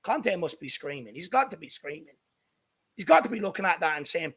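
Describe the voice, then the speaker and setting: A man's voice: a little high, very animated, brisk, vocal fry, fairly bright tone, slightly rough. An Irish man hosting a live football watchalong, ranting furiously and swearing at his team's defending. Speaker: fan channel host. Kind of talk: live match watchalong commentary.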